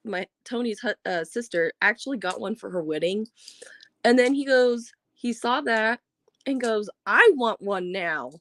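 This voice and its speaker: A woman's voice: fairly high pitch, moderate pace. A woman chatting casually on a livestream, talkative and laughing often.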